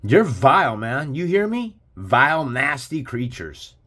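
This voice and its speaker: A man's voice: mid-range voice, sing-song, unhurried, pushed and bright. Profane, preachy man ranting. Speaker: channel host. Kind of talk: ranting religious commentary.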